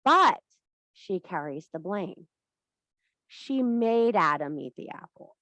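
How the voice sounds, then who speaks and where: A woman leading a workshop who retells an old story in a profane, animated lecture and speaks straight to her audience. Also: mid-range voice, slow, dry recording. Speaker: workshop leader.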